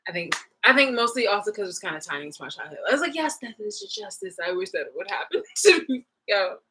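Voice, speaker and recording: A woman's voice: mid-range voice, big pitch swings, quick pace, sharp tone, husky, rough recording. A woman vlogger in a casual, rambling, profane monologue, retelling a movie clip with bursts of laughter.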